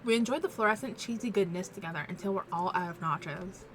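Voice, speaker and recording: Frau liest locker ein Spiel vor. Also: female voice, mid-range voice, fast, slight background noise. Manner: casual, wry narration. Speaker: let's play host. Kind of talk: reading a visual novel aloud.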